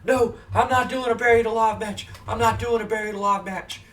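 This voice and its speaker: A man's voice: high voice, steady tone, brisk, fairly bright tone, far from the mic, pitched above the performer's own voice, low-quality recording. A man doing a stammering, panicked wrestling boss. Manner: stammering, pleading, repeating himself.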